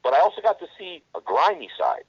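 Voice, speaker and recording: A man's voice: on the high side, wildly swooping pitch, quick pace, husky, dry recording, lo-fi sound. A man guest in an interview, telling a war story in blunt, profane language and often restarting his sentences. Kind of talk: casual storytelling.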